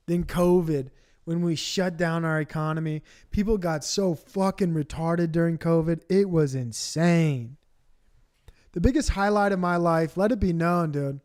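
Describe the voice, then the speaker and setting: A man with a high-pitched voice rants on a livestream. He swears often and rambles from point to point in coarse, heated reaction commentary. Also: a little mellow. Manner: profane, ranting, rambling. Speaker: streamer.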